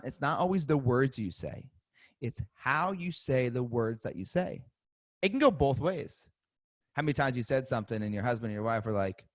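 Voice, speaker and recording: An energetic man leads a live coaching webinar, loose and chatty, breaking into little laughs and acting out sample calls. His voice sits at an ordinary middle pitch. The sound is close and dry, with no room around it. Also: no echo. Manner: energetic, conversational, laughs often, acts out example calls. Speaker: webinar host and sales coach.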